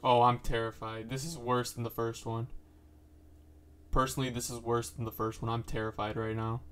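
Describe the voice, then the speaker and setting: A man's voice: mid-range voice, flat delivery, moderate pace, fairly bright tone, a little hiss or hum. A young man hosting a horror reaction video, exclaiming in fright. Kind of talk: reaction commentary.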